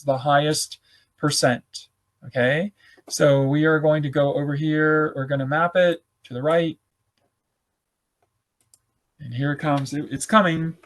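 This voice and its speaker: A man presenting a live webinar, walking viewers through a software demonstration in an informal, self-correcting way, thinking aloud and a little hoarse as he loses his voice. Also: a little high. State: losing his voice.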